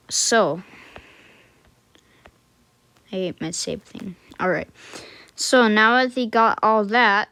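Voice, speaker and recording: Sitting at her computer, a tutorial maker talks through some code in a relaxed way, full of fillers and self-corrections plus soft muttered remarks to herself. Her pitch is medium and her tone clear and resonant.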